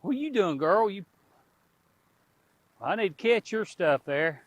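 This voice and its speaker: A man's voice: high-pitched, expressive, measured pace, dry recording. A middle-aged man, chatting casually to his viewers and animals outdoors on a farm. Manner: folksy, talks to animals and viewers. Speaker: homestead vlogger.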